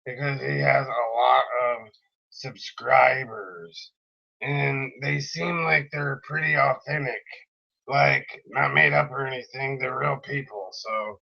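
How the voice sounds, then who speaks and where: A man's voice: mid-range voice, steady tone, slow, gravelly, dull audio. A man from the United States ranting casually about politics in a tough, groggy voice that he puts on, rambling with frequent ums and likes. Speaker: political vlogger.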